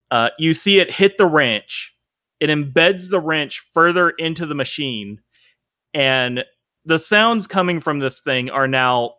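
A man narrating as game master in a tabletop game, halting with many fillers, his throat a little itchy. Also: fairly high pitch, sharp tone, dry recording, studio quality.

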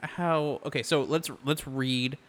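A man's voice: a little high, steady tone, slow, fairly bright tone. A man co-hosting a podcast, talking in a laid-back, agreeable way and swearing casually. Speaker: podcast co-host. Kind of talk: casual chat, movie review.

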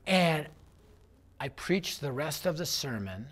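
A middle-aged man, a youth evangelist, telling a personal story as a sermon, acting out voices and dropping low and quiet for serious points. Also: lively intonation, normal speed.

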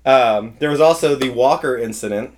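A man in his thirties, a pastor in a relaxed conversation. He tells anecdotes with energy and slips into other people's voices as he quotes them, at a middle pitch. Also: moderate pace, slight background noise. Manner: animated storyteller acting out quoted voices. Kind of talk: casual podcast chat.

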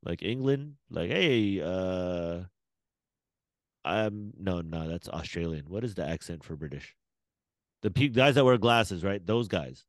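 A man's voice: sits low, moderate pace, dry recording. A man, rambling and laughing in a casual podcast chat. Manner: rambling, animated, laughs often. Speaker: podcast host.

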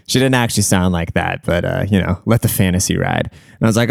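A man's voice: fairly low pitch, lively intonation, quick pace, gravelly, hardly any pauses, dry recording, studio quality. A young man telling stories in a casual, crude and profane way, rambling and full of fillers. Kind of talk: casual storytelling.

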